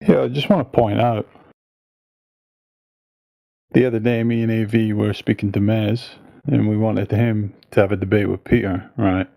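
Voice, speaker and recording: A man's voice: fairly low pitch, steady tone, normal speed, vocal fry, pauses often, warm tone, no room sound. A man telling a story bluntly in a casual group chat, with swearing.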